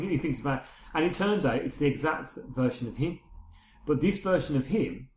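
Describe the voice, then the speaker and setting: A middle-aged man talks quickly in a loose, rambling way, acting out bits of dialogue as he retells a story. His voice sits at an ordinary pitch. The sound is roomy and echoey. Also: animated, darkish tone, slight background noise. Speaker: podcast co-host. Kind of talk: casual chat.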